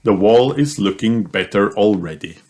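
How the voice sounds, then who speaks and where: A man reading a children's storybook aloud in a slow, lively storytelling manner. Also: on the low side. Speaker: storybook reader. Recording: noisy home recording with clicks.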